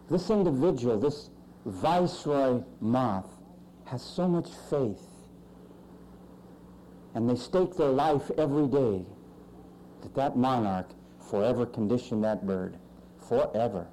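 A male pastor preaching a sermon with emphatic swings in pitch and loudness. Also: lively intonation, takes it slowly, pauses often, slight background noise, rough recording.

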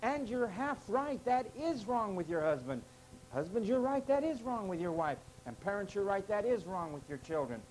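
A man's voice: high voice, expressive, moderate pace, darkish tone, slight background noise, low-quality recording. A man preaching a sermon to a congregation, emphatic and full of rhetorical questions. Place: church with parking lot.

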